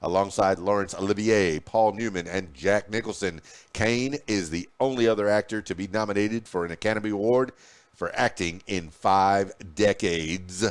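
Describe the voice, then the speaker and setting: A man's voice: fairly low pitch, moderate pace, clean tone. A man hosting a podcast, reading news headlines and history facts aloud with small slips and restarts. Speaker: podcast host.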